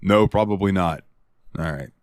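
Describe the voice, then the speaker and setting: A man's voice: deep voice, moderate pace, no echo, studio quality. A man co-hosting a gaming podcast, telling rambling, profane stories in casual chat. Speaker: podcast co-host.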